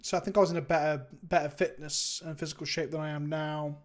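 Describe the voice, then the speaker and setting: A man's voice: a little high, steady tone, fast talker. A tired English man chatting casually to his stream viewers, rambling and self-deprecating. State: tired, sluggish. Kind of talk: casual live stream chat.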